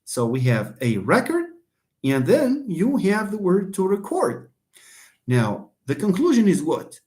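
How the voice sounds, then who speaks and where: A man gives an English phonetics lesson at an unhurried pace. His pitch rises and falls widely as he stretches key words out slowly and stresses them hard. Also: wildly swooping pitch, a little mellow. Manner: slow, emphatic, drawn-out words. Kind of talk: online lecture.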